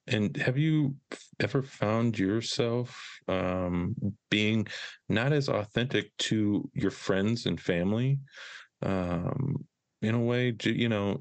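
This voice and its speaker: A man with a fairly low, gravelly voice hosts a casual podcast. He puts questions to his guest haltingly, with lots of ums. The recording is dry and close. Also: dry recording. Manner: halting, asks questions with many fillers. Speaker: podcast co-host.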